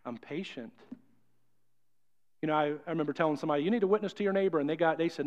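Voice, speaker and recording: A man's voice: a little high, quick pace, highs cut off. A male pastor preaching a sermon in a conversational, storytelling way.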